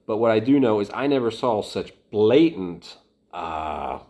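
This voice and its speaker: A man from Atlanta recounts his time as a volunteer fighter in a casual storytelling voice. His pitch sits a little low. He rambles, often stalling and restarting his sentences as he goes. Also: expressive, warm tone. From Atlanta, United States. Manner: rambling, halting, many restarts.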